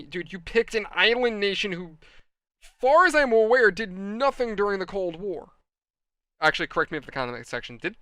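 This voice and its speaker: A man's voice: high-pitched, moderate pace, clear, resonant tone, no room sound. A man hosting a hobby channel, telling a rambling, exasperated anecdote straight to his viewers. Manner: animated, exasperated storyteller, addresses viewers. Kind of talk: rambling anecdote while model building.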